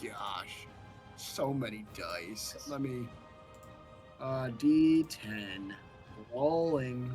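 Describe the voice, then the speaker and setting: A man playing in a casual tabletop game, hesitant and fumbling, filling pauses with "uh". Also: mid-range voice, lively intonation, a little mellow, soft background music. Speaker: player.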